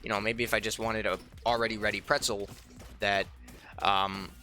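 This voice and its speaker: A man's voice: lowish voice, flat delivery, moderate pace, sharp tone. A young man telling a rambling, chatty story while playing a game, with faint game music behind him. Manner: rambling, chatty, acts out quoted people. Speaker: let's play host. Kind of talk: casual storytelling over gameplay.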